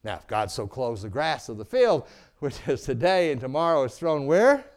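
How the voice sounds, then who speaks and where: A middle-aged man preaching a sermon, calling for amens and swinging from booming to hushed. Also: big pitch swings, moderate pace. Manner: preaching with call-and-response, asking "Amen?". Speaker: pastor.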